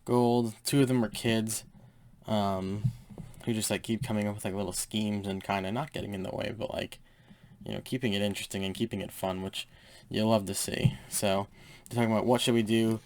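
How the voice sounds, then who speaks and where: Young male comic reviewer, low and gravelly, loose rambling delivery full of fillers, enthusiastic. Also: flat delivery, a little fast, darkish tone.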